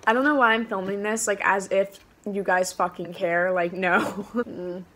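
A woman's voice: medium pitch, fairly even intonation, moderate pace, pushed and bright. Rambling, swearing teenage girl vlogger. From United States. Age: teens. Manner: rambling, swears casually, anxious. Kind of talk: casual vlog.

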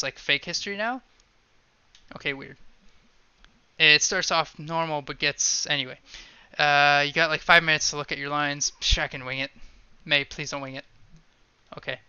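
A man's voice: on the high side, steady tone, normal speed, long pauses, pushed and bright, smooth, dry recording. A man casually playing through a game, reading its dialogue aloud in a wry, offhand way. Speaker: let's play gamer. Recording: slightly dull lo-fi sound.

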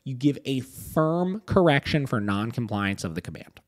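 A male dog trainer explaining his methods in casual podcast talk. His pitch moves up and down a lot. He speaks emphatically and keeps checking in with "right?". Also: very animated, moderate pace.

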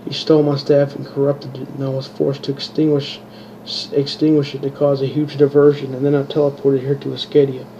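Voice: medium pitch, level tone, fairly quick, hardly any pauses, warm tone, a little hiss or hum, lightly acted. A man voicing an imprisoned wizard sending an urgent distant message, in a dull lo-fi recording.

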